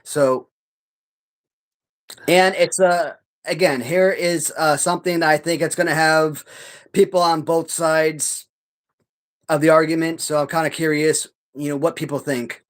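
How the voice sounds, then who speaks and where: A man hosting a live stream in casual chat, swearing heavily as he rants in a heated, halting way full of restarts. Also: a little high, fairly even intonation. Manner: profane, heated ranting; halting, many restarts and fillers.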